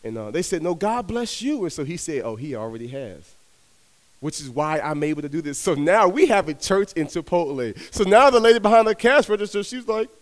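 A young man preaching to a youth audience, telling stories with energy and swinging between soft and loud delivery. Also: a little high, lively intonation, fairly quick, long reverb tail. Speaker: youth minister. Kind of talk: sermon. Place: large hall with young audience.

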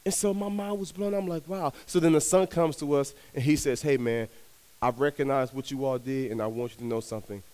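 A young man preaching to a youth audience, telling stories with energy and swinging between soft and loud delivery. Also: medium pitch, steady tone, a little fast, long reverb tail. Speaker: youth minister. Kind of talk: sermon. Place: large hall with young audience.

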